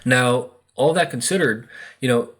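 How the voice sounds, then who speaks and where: American man, casual host monologue, meandering with fillers, mid pitch. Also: unhurried, a bit bright, slight background noise. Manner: rambling, many fillers and quoted asides. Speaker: spiritual video host.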